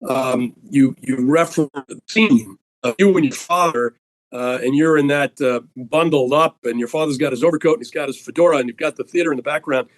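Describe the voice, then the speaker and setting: A man hosting an interview, speaking in a halting way with many fillers. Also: mid-range voice, low-quality recording. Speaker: interview host. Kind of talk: conversational interview.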